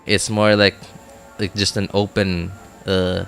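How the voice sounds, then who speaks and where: A man with a somewhat low voice chats casually while streaming a game. He rambles, stacking filler words and restarting thoughts, and laughs at himself often. Quiet game music plays underneath. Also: little pitch movement, takes it slowly, vocal fry. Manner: self-amused, laughs often. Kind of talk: casual chat while gaming.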